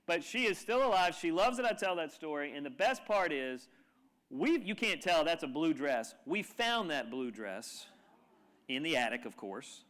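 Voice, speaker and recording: A man giving a humorous, animated storytelling talk to a live audience in a lecture room. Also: fairly high pitch, normal speed. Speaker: keynote speaker.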